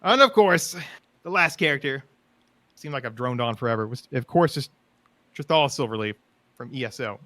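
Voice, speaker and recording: A man's voice: mid-range voice, expressive, moderate pace, long pauses, bright, forceful tone, no room sound. A man co-hosting a podcast who tells rambling, enthusiastic stories in a casual chat about roleplay. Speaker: podcast co-host.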